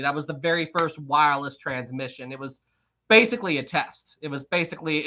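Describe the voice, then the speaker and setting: A man's voice: on the high side, pushed and bright. A young man hosting a live history quiz stream, reading chat aloud, teasing viewers and laughing often.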